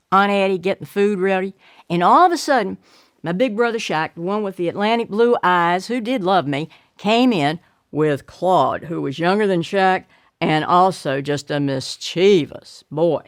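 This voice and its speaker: An older woman telling a childhood story, acting out the shouts and voices of her family. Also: on the low side, dry recording, studio quality.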